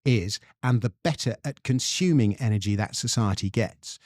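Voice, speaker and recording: A man's voice: fairly low pitch, moderate pace, a little mellow, no room sound, studio quality. A man with an English accent, a guest author explaining history in a podcast interview with storytelling emphasis. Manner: storytelling, reads quotes aloud with emphasis.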